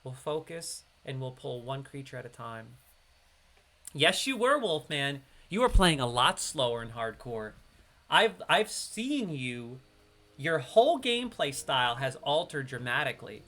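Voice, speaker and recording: A man's voice: medium pitch, a little slow. A man from upstate New York giving live, slangy commentary while playing an online game with a teammate. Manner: excitable, slangy banter with a teammate. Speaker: streamer.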